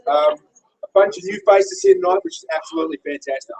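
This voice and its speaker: An Australian man warms up a room of people before a talk, chatting, joking and poking fun at himself. His voice runs a bit high for a man and swings up and down with lively ups and downs. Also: fast talker, creaky, breathy edge, rough recording. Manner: chatty, bantering, self-deprecating. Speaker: meeting host introducing the speaker. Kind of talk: casual, jokey introduction at a business meeting. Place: meeting room with an audience.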